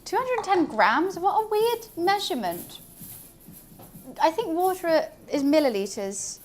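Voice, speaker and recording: High-voiced chatty woman streamer. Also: very animated, measured pace. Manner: chatty, scattered, talks to her cat in a high playful voice. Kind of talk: casual cooking stream chat.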